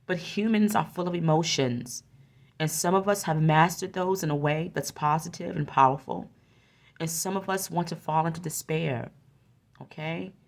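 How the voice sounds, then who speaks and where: A woman with a notably deep, low-pitched voice talks through an oracle card reading into a close microphone. She is earnest and encouraging, and she often circles back to repeat her phrases. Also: normal speed, gravelly. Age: adult with a young son.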